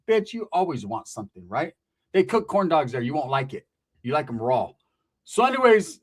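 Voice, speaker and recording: High-voiced, profane male storyteller. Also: big pitch swings, a little fast. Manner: profane, rambling, slangy, checks in with "right?". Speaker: storyteller, comedian. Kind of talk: comedic storytelling.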